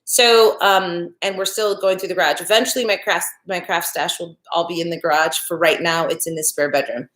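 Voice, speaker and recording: A woman's voice: lowish voice, fairly even intonation, a little fast, few pauses, a bit bright. An older woman hosting a crafting livestream from her living room, chatting in a rambling way while she answers viewer comments. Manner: chatty and rambling, with frequent restarts and fillers. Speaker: YouTube crafting channel host. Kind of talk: casual livestream chat reading viewer comments. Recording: echoey room.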